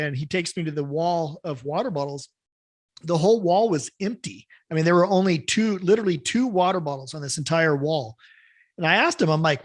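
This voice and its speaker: A man being interviewed as an inventor, telling his story in a relaxed, self-amused, chatty way. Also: fairly high pitch, brisk. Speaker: guest inventor.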